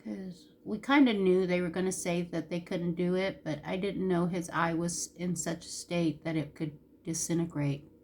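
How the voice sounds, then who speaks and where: A woman's voice: fairly low pitch, fairly even intonation, normal speed, darkish tone. A woman beauty vlogger talking candidly while doing her makeup, emotional and close to tears at times. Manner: candid, emotional, chatty with Southern-style "y'all". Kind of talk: casual makeup tutorial chat.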